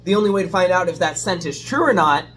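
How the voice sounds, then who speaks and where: With a dishwasher going in the background, a food reviewer chats casually in a home vlog, fumbling for words and poking fun at himself as he rambles. His high, slightly bright voice is animated and quick.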